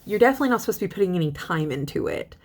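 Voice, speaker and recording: A young woman teaching a literature lesson in a chatty, lively way, reading poems aloud and paraphrasing them. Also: fairly low pitch, very fast. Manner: chatty, animated paraphrasing with laughs. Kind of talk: casual lecture with poem readings.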